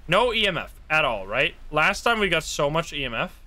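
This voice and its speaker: A man's voice: a little high, fairly quick. A man streaming a ghost-hunting game live, talking to his chat and swearing often. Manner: excitable, swears, talks to chat. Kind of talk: live gameplay commentary.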